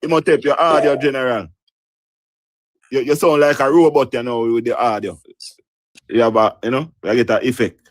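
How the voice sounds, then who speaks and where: A man's voice: medium pitch, steady tone, normal speed, long pauses, dry recording. A man hosting a live stream breaks in with short remarks. His voice sits mid-range, and the sound is dry. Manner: brief, interjecting.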